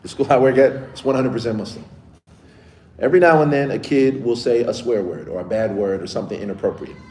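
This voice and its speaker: A man's voice: medium pitch, fast talker, a little mellow, a little hiss or hum. A man who is a teacher giving a casual lesson to children, often checking in with the class as he talks. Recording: echoey room with faint ambience.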